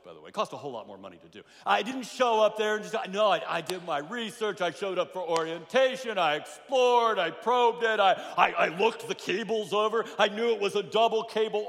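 A man's voice: sits high, a bit bright. A man preaching a sermon, telling a story with acted-out voices and many restarts. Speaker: pastor. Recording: hall reverb.

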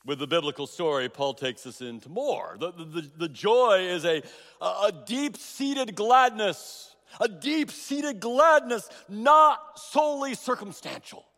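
A middle-aged man preaches in a high voice, circling back and repeating phrases for emphasis as he tells a story. His voice rings out through the long reverb of a large hall. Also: expressive, measured pace, bright, forceful tone. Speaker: pastor. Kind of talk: sermon.

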